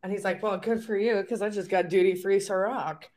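A woman's voice: medium pitch, steady tone, fairly quick, a little mellow. A young Canadian woman co-hosting a podcast, telling frank, profane stories in casual chat. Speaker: podcast co-host.

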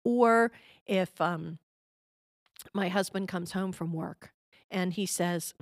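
Middle-aged woman, parenting guest, patient explainer, lowish voice, dry close recording. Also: slow, no room sound. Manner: patient, explanatory, checks in with "okay?". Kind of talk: conversational advice interview.

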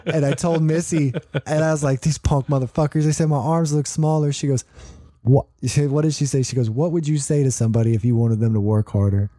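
A middle-aged man chats on a podcast with a warm, mellow tone. He tells stories loaded with swearing and acts out what people said. The sound is dry and close. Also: mid-range voice, a little fast, no room sound. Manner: profane storyteller acting out quotes. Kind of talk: casual chat.

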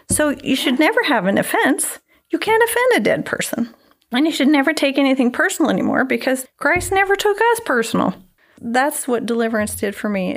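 A middle-aged woman sharing an emotional personal faith testimony as a guest, swinging from loud exclamations to breathy whispers. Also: sits high.

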